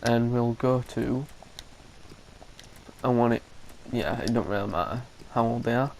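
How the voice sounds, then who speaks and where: A man's voice: mid-range voice, a little slow, creaky, a little mellow, a little hiss or hum, rough recording. A man, thinking aloud as he commentates his gameplay, hesitant and full of restarts, with an occasional cough. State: coughing now and then. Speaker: gaming commentator.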